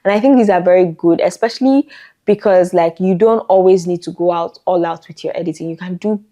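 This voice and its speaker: A chatty young woman with a slightly low voice shares advice in a relaxed talking-head vlog. She talks casually and laughs often between points. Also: fairly quick, dull audio. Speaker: content creator.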